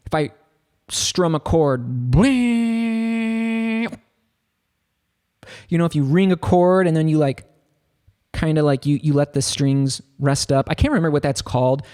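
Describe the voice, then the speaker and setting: Brief: male tutor, slightly higher voice, loose and chatty delivery, soft keyboard notes in the background. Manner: rambling, loose, full of 'like' fillers. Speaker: music production tutor. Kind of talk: casual software synth tutorial. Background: faint synth keyboard notes.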